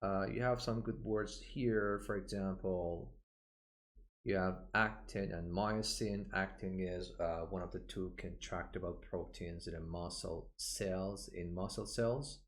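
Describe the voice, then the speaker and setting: A man teaching medical English from a textbook. He repeats terms slowly to model their pronunciation and often pauses with "uh" as he points to the page. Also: sits low, steady tone. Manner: slow, deliberate, models pronunciation by repeating words; frequent "uh" fillers, points at the page. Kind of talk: textbook walkthrough lesson.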